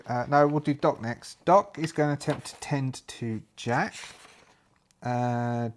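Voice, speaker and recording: A man narrating his solo tabletop game, talking through dice rolls and rules aloud. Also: mid-range voice.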